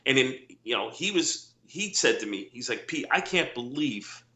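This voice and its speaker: Bright, animated man telling stories. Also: medium pitch, normal speed, roomy sound. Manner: rambling anecdotes with quoted dialogue, many restarts. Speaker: former wrestler, guest. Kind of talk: casual storytelling interview.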